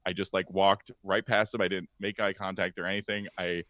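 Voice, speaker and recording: A man appears as a comedian guest and tells stories in an easygoing, deadpan way, with halting restarts. His voice sits low. The sound is dry and close. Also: no room sound. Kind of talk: casual chat, telling anecdotes.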